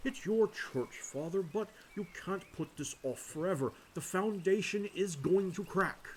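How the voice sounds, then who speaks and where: A man's voice: high-pitched, unhurried, slight background noise, pitched above the performer's own voice. A man voicing a practical village worker from a video game, talking in a plain and insistent way.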